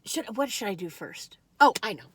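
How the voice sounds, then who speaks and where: A woman's voice: mid-range voice, expressive, normal speed, heavy background noise. An older woman rambling through a casual food review vlog, going off on tangents and laughing often.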